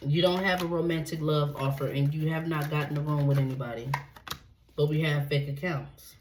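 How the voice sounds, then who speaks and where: A woman's voice: sits low, brisk. A woman giving a tarot reading, blunt and profane, checking in with "okay?" after nearly every point. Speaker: tarot reader. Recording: echoey room with steady background noise.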